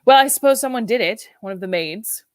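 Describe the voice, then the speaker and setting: A woman's voice: fairly high pitch, lively intonation, a little fast, no echo, clean studio sound, voice pushed up, close to an everyday voice. A woman reading the part of a brusque, impatient upper-class husband who speaks in a clipped, exasperated way.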